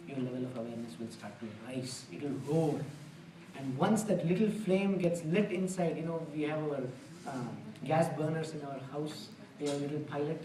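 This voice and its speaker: A man with a fairly high voice speaks at a moderate pace, delivering an earnest, plain-spoken spiritual discourse in a temple hall. He illustrates his points with homely examples, picked up by a distant mic in a roomy space with a noisy background.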